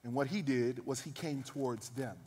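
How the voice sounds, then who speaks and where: A man's voice: mid-range voice, moderate pace, breathy edge, in a large hall. A man in his thirties, a pastor, preaching a sermon with emphatic, rising peaks. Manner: emphatic, builds to loud peaks.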